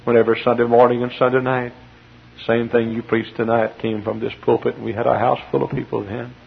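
A man voicing an old male church custodian, tearful and fervent, who shouts shrill amens. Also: little pitch movement, brisk, creaky, breathy edge. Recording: dull lo-fi sermon tape with faint hiss.

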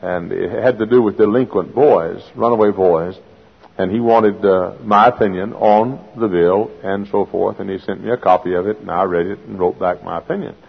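A husky-voiced male preacher delivering a sermon, shifting from homespun anecdotes to fervent, rising proclamation. The sound is dull and lo-fi, with a long reverb trailing off the walls of a large hall. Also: on the low side, steady tone, moderate pace. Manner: folksy storytelling building to fervent preaching. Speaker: pastor.

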